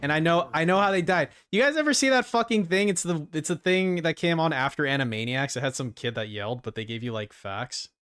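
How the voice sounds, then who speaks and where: A man's voice: medium pitch, fairly even intonation, a little fast, hardly any pauses, a bit bright, smooth, dry recording, studio quality. A man giving sarcastic, profane commentary on his stream as he reacts to a video.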